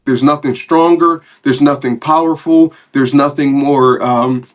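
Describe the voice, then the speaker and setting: A man's voice: mid-range voice, fairly even intonation, measured pace. A man giving plain-spoken testimony, searching for the right words. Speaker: near-death experience witness. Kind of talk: earnest testimony.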